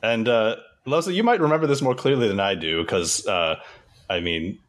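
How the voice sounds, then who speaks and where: A man's voice: lowish voice, lively intonation, normal speed. A man co-hosting a podcast in easygoing, questioning chat, laughing often. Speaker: podcast co-host.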